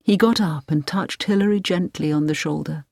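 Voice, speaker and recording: A woman reading a novel aloud as an audiobook narrator, in a slow, deliberate storybook style. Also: deep voice, vocal fry, a little mellow, no echo, clean studio sound.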